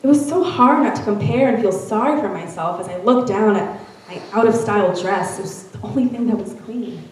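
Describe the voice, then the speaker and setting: A woman reading a first-person narrative aloud with expressive storytelling at a church event. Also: mid-range voice, a little fast. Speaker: reader at a church Mother's Day event. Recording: very echoey room, from far off.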